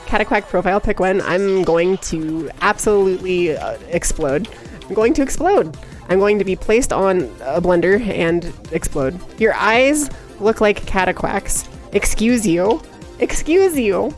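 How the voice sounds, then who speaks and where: A woman's voice: lowish voice, animated, unhurried, faint music behind. A woman live-streaming in casual chat, playful and giggly, teasing her viewers and cooing baby talk at her cat. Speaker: livestreamer.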